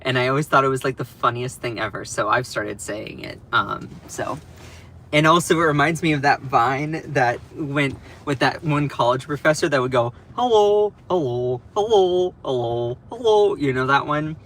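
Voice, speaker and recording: Bright, chatty young man livestreaming. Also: medium pitch, steady tone, moderate pace, a little hiss or hum. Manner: chatty, rambling, self-deprecating, with laughs and restarts. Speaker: livestream host. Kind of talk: casual livestream commentary. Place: at home over breakfast.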